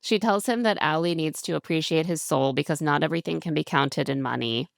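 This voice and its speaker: A woman's voice: deep voice, a little fast, gravelly, no room sound, clean studio sound. A woman co-hosting a podcast, chatting casually and animatedly as she recaps a reality show, often acting out what people said. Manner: chatty, animated retelling with quoted voices and laughs. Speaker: podcast co-host.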